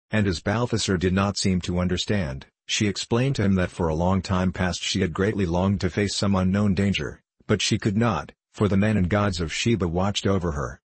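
A man narrating a classic tale as an audiobook in a measured, even storytelling manner. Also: low-pitched, husky, no echo.

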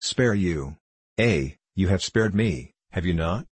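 A man's voice: sits low, expressive, slow pace, breathy edge, no room sound, heavily acted. A man voicing a furious, proud old knight who speaks harshly and with scorn. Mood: bitter fury.

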